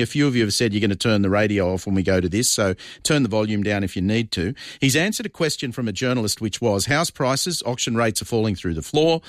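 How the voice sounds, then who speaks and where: A man's voice: fairly low pitch, no echo, clean studio sound. A man with an Australian accent hosting a talkback radio show, blunt and combative with callers and listeners.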